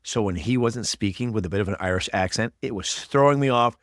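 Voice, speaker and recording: A man's voice: lowish voice, no room sound, clean studio sound. A man who is a podcast guest, chatting casually about an old movie and acting out his own reactions. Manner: fast, animated, talks through his reactions.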